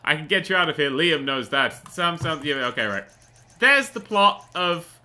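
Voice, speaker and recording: Male gaming host, let's play commentary; tense, very bright tone, slightly high; sarcastic, tangent-prone, casual swearing. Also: lively intonation, moderate pace. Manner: rambling, sarcastic, goes off on tangents.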